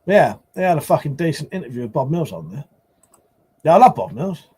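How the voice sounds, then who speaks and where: A man's voice: fairly high pitch, very animated, fairly quick, warm tone, slightly rough. A man hosting a casual live stream, rambling and swearing as he answers chat.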